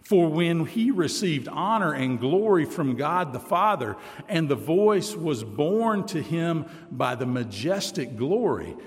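A male pastor delivers a sermon at a deliberately slow pace, reading scripture and letting key words sink low for emphasis. His voice rings out with the long reverb of a church hall. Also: very animated. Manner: deliberate preaching, slows and drops low for emphasis, reads scripture aloud.

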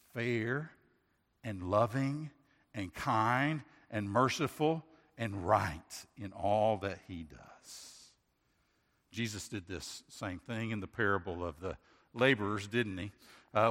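A pastor with a fairly bright, somewhat low voice delivers an earnest sermon, posing rhetorical questions and frequently starting his sentences over. A long hall reverb hangs on the recording.

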